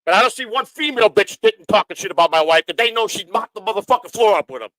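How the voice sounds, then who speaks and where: A middle-aged man hosts his own livestream. He rants at critics in a combative, profane way. His voice sits a little high for a man and is recorded close and dry, with no room sound. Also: lively intonation, fast, fairly bright tone, dry recording, low-quality recording. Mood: angry. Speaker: livestream host. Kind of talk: angry livestream rant.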